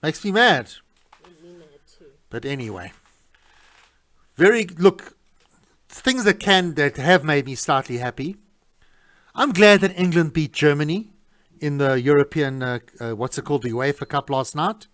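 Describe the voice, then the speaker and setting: Animated man, lively pitch. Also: measured pace, long pauses. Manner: animated and indignant, many restarts. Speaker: radio host. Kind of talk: casual talk-radio monologue.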